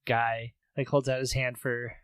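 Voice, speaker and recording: A man's voice: medium pitch, level tone, a little slow, a bit bright, clear, resonant tone, dry recording. A man co-hosting a podcast, retelling movie scenes in a loose, profane, chatty way. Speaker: podcast co-host. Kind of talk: casual movie recap chat.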